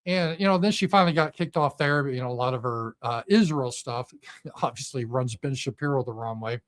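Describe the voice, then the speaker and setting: A man's voice: medium pitch, fairly quick, a bit bright. Male commentator, sarcastic and mocking, solo talk-to-camera monologue. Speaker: political commentator.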